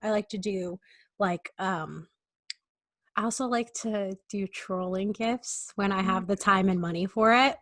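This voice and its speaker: A woman's voice: medium pitch, measured pace, fairly bright tone, dry recording. A young woman co-hosting a podcast, chatting casually and telling stories in a playful, teasing way with fillers. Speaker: podcast co-host. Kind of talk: casual chat.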